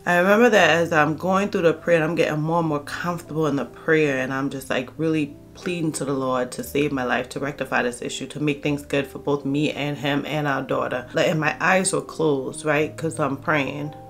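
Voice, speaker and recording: A woman's voice: low-pitched, steady tone, moderate pace, hardly any pauses, faint music behind. A woman telling a personal storytime vlog story, candid and conversational, acting out the dialogue. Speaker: vlogger.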